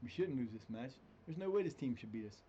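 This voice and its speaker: A man chatting on a live stream as he plays a football management game, rambling and animated, and now and then jumping into a high mock voice. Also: fast talker, dull audio, a little hiss or hum. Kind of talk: casual live-stream chat. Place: home room with cats.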